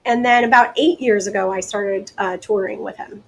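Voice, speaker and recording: A woman from the American Deep South, a guest hypnotist telling stories in a casual interview, chatty and quick to laugh. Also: rough recording. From Deep South, United States. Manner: chatty, laughs often, lively asides.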